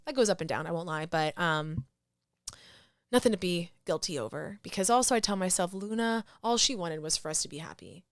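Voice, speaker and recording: Her mid-range voice is a bit bright, clear and resonant, captured in clean studio sound with no room noise. The podcast host gives a personal monologue about grief, heartfelt and emotional, pausing to sigh and rephrase as she goes.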